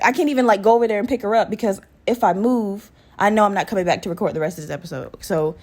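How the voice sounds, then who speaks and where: A woman's voice: medium pitch, quick pace, a little mellow. A woman in her twenties hosting a casual solo podcast, talking candidly and profanely straight to her listeners. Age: 20s. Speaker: podcast host. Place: her bedroom at home.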